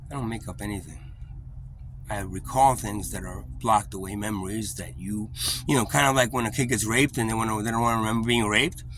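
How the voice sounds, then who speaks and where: A man venting in a confessional vlog, his voice bright and edged as he wanders through memories. He swears freely and stalls on fillers, sometimes dropping to a low mutter. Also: slight background noise. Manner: rambling, profane, halting with fillers. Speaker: vlogger.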